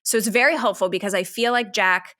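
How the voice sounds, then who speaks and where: A woman's voice: mid-range voice, brisk, bright, forceful tone. A woman in her thirties with a Canadian accent, co-hosting a podcast in a candid, rambling casual chat full of filler words. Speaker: podcast co-host.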